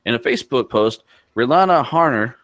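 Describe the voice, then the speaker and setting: A man's voice: medium pitch, expressive, a little fast, a bit bright, dry recording. A man co-hosting a casual tech podcast, reading news stories aloud and cracking jokes between them. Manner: reads news items aloud with asides and jokes.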